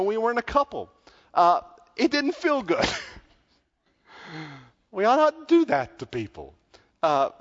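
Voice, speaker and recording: A pastor preaching a sermon, telling a story in a conversational way that grows loud when excited. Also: male voice, high voice. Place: church sanctuary. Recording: dull sound with long church reverb.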